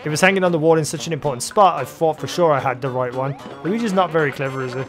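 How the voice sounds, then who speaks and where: Luigi, squeaky mock Italian, as a man puts him on. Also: fast, music in the background, lightly acted. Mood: goofy. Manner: hammy and whiny, higher than his own voice. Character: clumsy cheerful young man plumber, brave.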